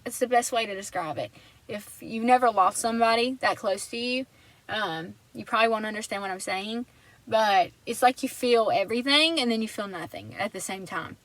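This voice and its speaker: A woman's voice: on the high side, a bit bright, dry recording, rough recording. A woman vlogger telling a personal story in an earnest, rambling way, often restarting her sentences.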